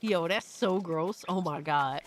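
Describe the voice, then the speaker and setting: A young adult woman streamer doing profane, excitable reaction commentary, often shrieking in disbelief. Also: fairly low pitch, measured pace, slight background noise.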